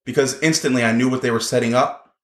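An animated man co-hosting a casual podcast, his voice sitting at a middle pitch. He talks in a lively way and jumps into quoted lines with raised voices, and the room around him rings a little. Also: fast talker, reverberant. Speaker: podcast co-host.

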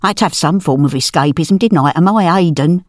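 A woman's voice: low voice, fairly quick, no room sound, clean studio sound, close to an everyday voice. A woman playing a nosy, celebrity-obsessed older mum, talking in a brassy, defensive way in a scripted comedy sketch. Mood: indignant. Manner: brassy, defensive, casual slang. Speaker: comedy podcast character.

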